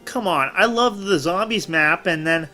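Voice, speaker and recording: A man hosting a casual talk show, telling rambling, animated gaming stories. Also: high-pitched, a little slow, soft background music.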